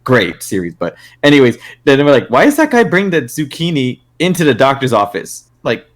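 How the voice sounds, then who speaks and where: A man's voice: mid-range voice, wildly swooping pitch, a little fast. A young man co-hosting a podcast, telling a crude rambling story with lots of fillers and laughs. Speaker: podcast co-host. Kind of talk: crude casual chat.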